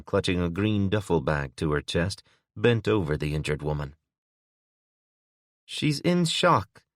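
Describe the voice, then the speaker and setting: A man narrating an audiobook in a steady, even manner. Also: sits low, dry recording, studio quality. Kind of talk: scripted narration.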